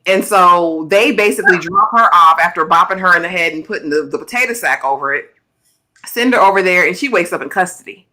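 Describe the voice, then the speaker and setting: Animated woman co-hosting a TV recap. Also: fairly low pitch, a little fast. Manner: animated and exclamatory, acts out characters' lines. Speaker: TV review show co-host. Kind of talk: casual TV recap chat.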